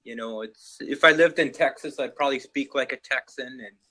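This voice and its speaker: A man's voice: mid-range voice, brisk, sharp tone, breathy edge, low-quality recording. A man with a Canadian accent in casual video-call chat, hesitant and chatty with many restarts.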